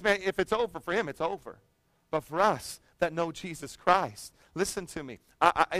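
A man's voice: high-pitched, a bit bright, no room sound, poor audio. A young adult man, a pastor, preaching a sermon in a conversational way that builds to emphatic proclamation.

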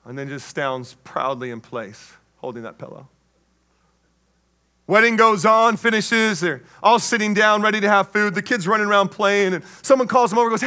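Guy preaching, high bright voice, animated storyteller, does little voices. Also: normal speed. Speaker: pastor. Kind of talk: sermon with storytelling.

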